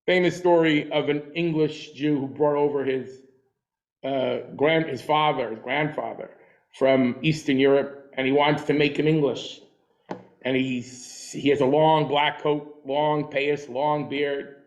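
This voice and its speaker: A man's voice: a little high, fairly even intonation, measured pace, rough recording. A man lecturing a class on history, telling stories and jokes along the way and often restarting his sentences. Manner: storytelling with jokes and acted quotes; repeats and restarts words. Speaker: teacher.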